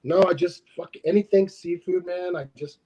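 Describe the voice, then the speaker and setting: A man with a slightly raised pitch speaks as a comedian guest. His talk is easygoing, with gentle hesitations, and comes over a video call. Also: fairly even intonation, normal speed, highs cut off, a little hiss or hum. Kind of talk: casual chat.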